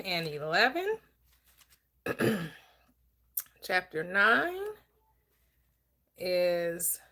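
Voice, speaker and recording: A woman hosting a live-streamed book club, upbeat and chatty, greeting viewers with quick repeated words. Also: fairly high pitch, fairly bright tone. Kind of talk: live-stream chat and discussion.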